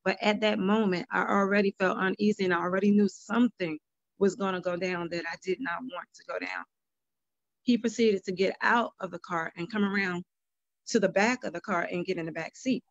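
A woman's voice: mid-range voice, fairly even intonation, fairly quick, dry recording, muffled recording. A woman speaking as a panel guest, giving earnest personal testimony and retelling past conversations. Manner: earnest storytelling, quoting past dialogue.

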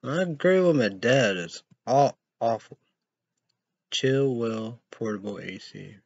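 In a dull, lo-fi, dry recording, a young show host with a medium-pitched, gravelly voice reads out news headlines and rambles on about them. He's animated but slow, and spells names one letter at a time.

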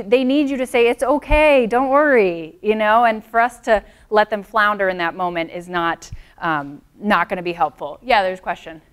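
Smooth-voiced woman teaching a dog seminar. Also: medium pitch. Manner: friendly, explanatory, answers audience comments. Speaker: dog trainer. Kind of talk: presenting a live seminar.

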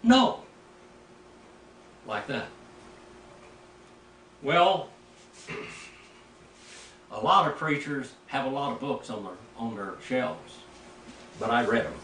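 An older man, a preacher, teaching Greek in a rambling, anecdotal way, clearing his throat now and then. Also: mid-range voice, lively intonation, takes it slowly, long pauses, bright, forceful tone. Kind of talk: informal teaching sermon. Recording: echoey room, mic at a distance, faint background noise.

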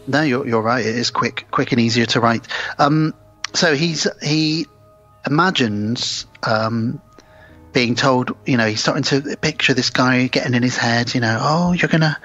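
A man co-hosting a casual film podcast, retelling film scenes with lively character voices. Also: mid-range voice, measured pace, faint music behind. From United Kingdom. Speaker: podcast co-host. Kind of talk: casual film-review chat. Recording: slightly dull, dry podcast audio.

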